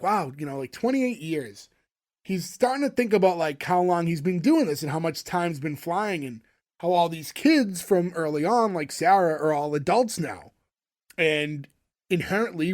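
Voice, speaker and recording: Higher-voiced man recapping casually. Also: expressive, moderate pace. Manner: rambling, filler-heavy recap with frequent "like". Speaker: podcast co-host.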